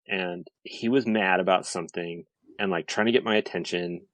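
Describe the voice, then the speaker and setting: A man's voice: low-pitched, fairly even intonation, normal speed, fairly bright tone, dry recording, rough recording. A man in his thirties in casual podcast chat, telling a story animatedly with lots of fillers. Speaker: podcast guest.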